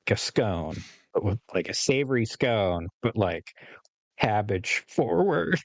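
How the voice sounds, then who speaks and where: A man's voice: lowish voice, sing-song, slow, dry recording. A man in his forties from California, co-hosting a podcast in a rambling casual chat full of fillers and laughs. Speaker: podcast co-host.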